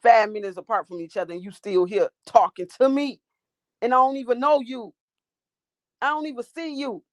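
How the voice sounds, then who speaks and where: A woman's voice: a little high, moderate pace, no room sound, clean studio sound. A woman hosting a livestream, ranting and talking back to her chat in a profane, confrontational way. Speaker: livestream host.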